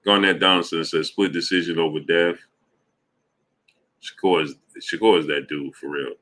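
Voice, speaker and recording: A man's voice: deep voice, fairly even intonation, normal speed, pushed and bright. A man hosting a live stream, laughing a lot and greeting viewers by name in casual talk. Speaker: livestream host reading chat.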